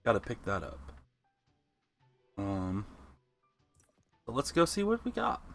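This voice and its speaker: A man's voice: mid-range voice, wildly swooping pitch, slow pace, soft background music. A man streaming a game live, rambling along in a laid-back way. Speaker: gamer streamer. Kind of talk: live let's play commentary.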